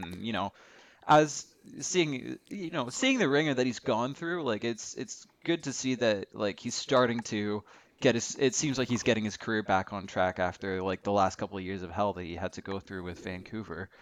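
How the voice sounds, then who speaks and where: A young man in a casual hockey chat, explaining plays in a relaxed way and restarting his sentences often. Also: lowish voice, no echo. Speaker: podcast co-host.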